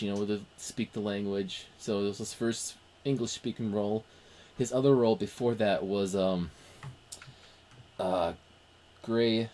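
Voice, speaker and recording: Low-voiced rambling man chatting about films. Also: darkish tone. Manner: rambling, many fillers and restarts. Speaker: podcast co-host. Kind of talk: casual film discussion.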